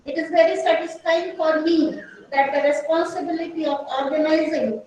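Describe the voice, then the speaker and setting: A woman with an Indian English accent giving a formal welcome speech at a conference, reading out names and titles in a measured way. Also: sits high, steady tone, a little mellow, a little hiss or hum. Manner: measured, reads long lists of names and titles. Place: large auditorium. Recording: very echoey hall, heard from far off.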